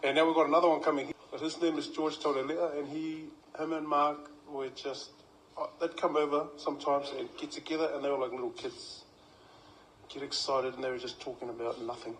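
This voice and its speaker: A man acting as master of ceremonies, introducing the next speaker at a funeral in a relaxed, halting way. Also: on the high side, a little hiss or hum, low-quality recording.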